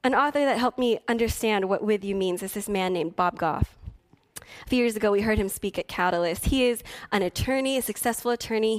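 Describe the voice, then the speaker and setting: A young adult woman preaching a sermon as a youth pastor, swinging between loud emphatic lines and hushed near-whispers. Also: mid-range voice.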